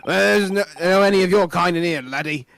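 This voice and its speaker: A man voicing a stern male prison governor in a rough attempt at a Scottish accent. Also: high-pitched, fairly bright tone, no room sound, studio quality, pitched above the performer's own voice. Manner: halting, self-mocking.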